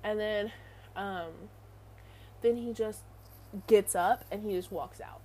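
A woman's voice: mid-range voice, slow pace, dark tone, a little hiss or hum. A young adult woman telling a casual story in a rambling, chatty way full of fillers. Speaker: vlogger.

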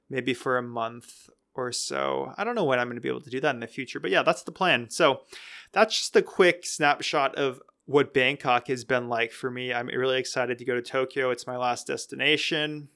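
Bright, clear-voiced young man podcasting. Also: mid-range voice. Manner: relaxed, rambling, self-correcting. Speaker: podcast host. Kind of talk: casual solo podcast talk.

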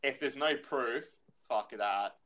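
A man's voice: medium pitch, takes it slowly, fairly bright tone. A man telling a rambling story in casual chat, swearing freely and filling with "you know".

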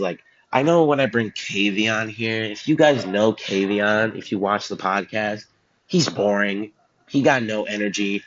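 A teenage boy hosts a podcast on his own, going off on tangents and joking at his own expense. His voice sits low. The school-room recording sounds muffled and lo-fi. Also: fairly bright tone. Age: teens. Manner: joking, self-deprecating, goes off on tangents. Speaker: student podcast host. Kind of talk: rambling solo podcast chat.

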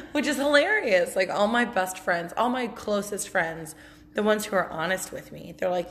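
A woman's voice: medium pitch, expressive, normal speed, fairly bright tone. Blunt, profane woman chatting. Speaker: podcast host. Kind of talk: casual storytelling monologue.

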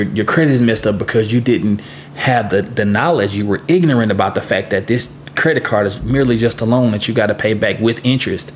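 A man's voice: fairly low pitch, slight background noise. A middle-aged man hosting a solo podcast, talking in an earnest, reflective way and often repeating words as he thinks. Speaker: podcast host.

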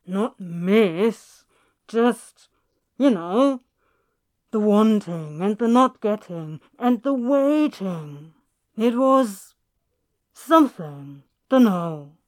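A woman voicing a tipsy, evasive male demon in a fan fiction reading, mumbling and halting. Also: medium pitch, natural voice. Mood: yearning.

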